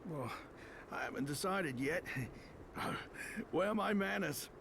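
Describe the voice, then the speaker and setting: A cheerful young farmer villager in a video game, his voice pitched a little high and bouncing lively up and down. He sounds easygoing and laughs freely. The game audio underneath carries a clear layer of noise. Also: slow. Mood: friendly.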